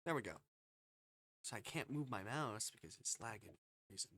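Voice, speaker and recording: A man's voice: on the low side, expressive, normal speed, fairly bright tone, slightly rough. A man live-streaming a game, muttering puzzled questions and swearing at lag. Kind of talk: casual live-stream gaming talk.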